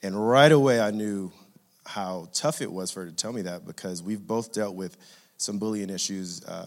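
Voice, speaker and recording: A man in his thirties from California, his voice sitting a bit low as he tells a personal faith story. He speaks in an earnest, conversational way and laughs now and then at his own jokes. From Inglewood, California. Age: 30s. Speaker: father sharing a faith testimony.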